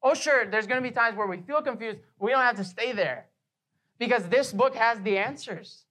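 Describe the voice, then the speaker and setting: A woman pastor delivers a sermon in a fairly high voice. She preaches with emphasis and slows down to repeat key phrases. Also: fairly bright tone.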